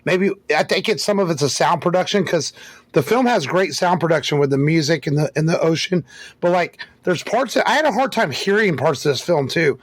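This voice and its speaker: A man with a slightly higher voice chats about a film on a podcast in a loose, rambling way. The sound is dry and close, with no room echo. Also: expressive, a little fast. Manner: loose, conversational, frequent "like". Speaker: podcast co-host. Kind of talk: casual movie discussion.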